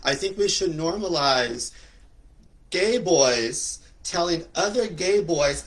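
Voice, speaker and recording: A man's voice: a little high, animated, slow. A young man giving a flamboyant, preachy motivational monologue, with sassy asides. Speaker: spiritual talk host.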